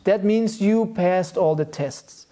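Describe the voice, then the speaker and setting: A man giving a relaxed devotional talk to a group, chuckling often as he tells stories. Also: high-pitched, takes it slowly, a little hiss or hum. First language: German. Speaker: spiritual teacher.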